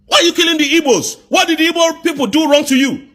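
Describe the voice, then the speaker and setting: A man with a Nigerian accent in an angry live rant, firing off accusing rhetorical questions and sometimes shouting. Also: very high voice, fast talker. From southeast Nigeria.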